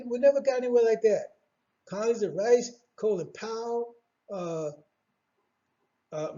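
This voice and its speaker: High-voiced preacher man, dull recording. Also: mellow. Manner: preachy, repetitive, confrontational, rhetorical questions. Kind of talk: sermon.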